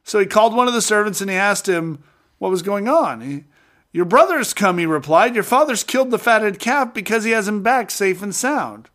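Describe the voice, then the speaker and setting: Animated man reading and discussing scripture. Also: high voice, brisk. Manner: animated, acts out the characters in lively voices. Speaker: podcast co-host. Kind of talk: Bible study podcast chat.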